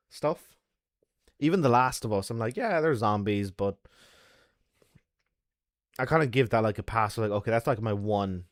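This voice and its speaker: A man's voice: on the low side, no room sound, clean studio sound. A man streaming games, chatting casually with viewers and telling stories full of sound effects and swearing. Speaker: game streamer.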